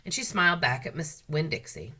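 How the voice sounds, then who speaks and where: A woman librarian reading a children's book aloud, with expressive, unhurried storytelling. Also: deep voice, husky.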